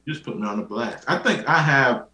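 A young man guest on a casual podcast, telling stories expressively. His voice is bright and swings widely in pitch, and it jumps up high whenever he acts out what someone said. The sound carries a roomy echo. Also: lively intonation, brisk. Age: young adult. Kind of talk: casual chat, animated storytelling.

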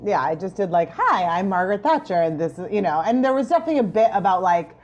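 A woman's voice: medium pitch, very animated, fast. A woman performer telling a story in casual chat, hesitant with fillers. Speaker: improv performer, podcast co-host.

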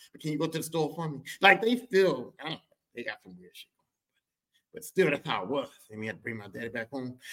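Man, high voice, podcast host, comic storytelling, animated and profane.

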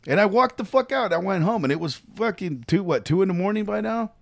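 Speaking fast in a high voice with vocal fry, this man spins a profane, animated story on a casual podcast, performing other people's lines as quotes. No room sound is audible.

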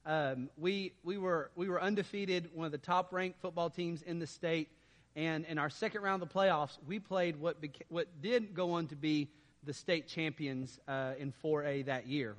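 A man preaching a sermon as a pastor, conversational and animated, laughing now and then. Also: a little high. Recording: long hall reverb.

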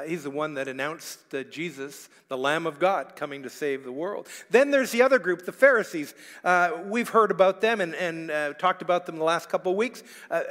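Male pastor, high-pitched, conversational sermon, many fillers, big echoing church. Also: a bit bright. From Canada. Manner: conversational preaching with asides and jokes to the congregation; frequent filler sounds and restarts. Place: church hall.

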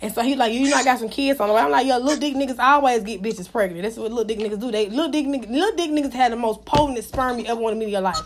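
A woman's voice: a little high, racing, hardly any pauses, a little hiss or hum. A woman in her thirties telling frank, profane stories in casual chat, acting out what others said. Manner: blunt, profane, animated, acts out quotes.

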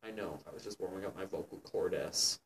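A man co-hosting a comedy show, reading a fan fiction aloud dramatically and laughing at it, sometimes putting on squeaky voices. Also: fairly quick, far from the mic, slight background noise, low-quality recording. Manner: mocking, laughing, breaks into loud squeaky character voices.

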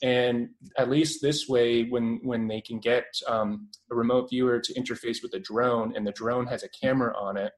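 A man's voice: mid-range voice, fairly even intonation, normal speed, hardly any pauses, low-quality recording. A young Canadian man speaks as a radio interview guest in an ordinary middle-range voice. He keeps reaching for words, full of fillers and false starts, and his delivery stays casual and conversational throughout. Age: 20s. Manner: hesitant, many fillers and restarts. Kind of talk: radio interview, recounting experiences.

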